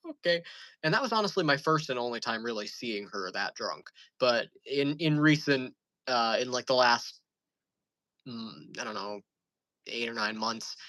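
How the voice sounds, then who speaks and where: A man's voice: medium pitch, bright, forceful tone, no room sound, rough recording. A man talking casually to camera, rambling through amused stories with many fillers and restarts. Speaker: channel host.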